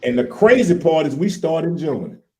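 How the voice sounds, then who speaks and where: A man in his late fifties from Louisiana with a Southern accent, co-hosting a casual livestream chat in a folksy, animated way. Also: a little high, normal speed. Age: late 50s. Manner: folksy, animated, repeats "look here". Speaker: co-host.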